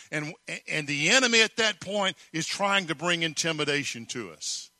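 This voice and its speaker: A man's voice: on the high side, animated, moderate pace, few pauses, sharp tone, no echo. A man preaching a sermon, telling stories emphatically and asking rhetorical questions. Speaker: pastor.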